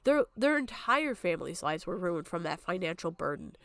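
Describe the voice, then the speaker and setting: A woman's voice: on the low side, big pitch swings, moderate pace, fairly bright tone, no room sound. A young adult woman streaming, talking in an upset, tearful way and swearing often, close to crying. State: on the verge of tears. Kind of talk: emotional livestream talk.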